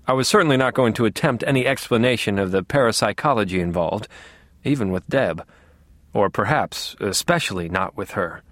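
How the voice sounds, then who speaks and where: A man's voice: on the low side, fairly quick, fairly bright tone, no room sound. A man narrating an audiobook in the first person with a dry, wry, understated delivery.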